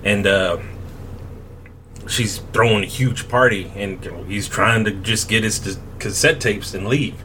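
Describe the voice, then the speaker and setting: A man hosting a podcast, telling a story in a rambling, halting way with frequent laughs. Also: lowish voice, bright, forceful tone, slight background noise. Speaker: podcast host. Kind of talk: casual chat.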